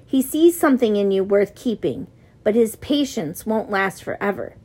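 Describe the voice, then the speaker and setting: A woman's voice: mid-range voice, expressive, normal speed, dark tone, husky. A woman reading an audiobook, voicing a stern, harsh grown man who scolds his young prisoner. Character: gruff grown man, stern jailer, harsh but grudging.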